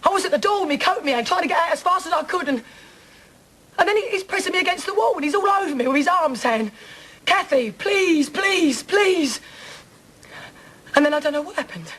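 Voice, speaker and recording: Brief: a distraught woman in her thirties, high-pitched, biting and raw, for a TV drama. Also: animated, a little fast, fairly bright tone, rough recording. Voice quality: bitter, sarcastic, then breaking down. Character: angry distraught East End woman confronting her attacker. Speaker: victim confronting attacker. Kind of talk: television soap drama acting.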